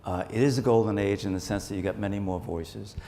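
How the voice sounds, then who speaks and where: Brief: deep-voiced male journalist, measured and thoughtful, stage interview in a big echoey hall with faint room noise. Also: fairly even intonation, mellow. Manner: measured, repeats words while thinking. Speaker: journalist and author, interview guest. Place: conference stage.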